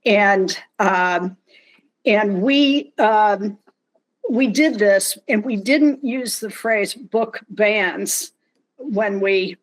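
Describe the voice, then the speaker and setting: A woman speaking as a panelist on an online panel discussion, deliberate and measured, with dry, wry humor. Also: mid-range voice, low-quality recording. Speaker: panelist from a nonprofit. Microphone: video call.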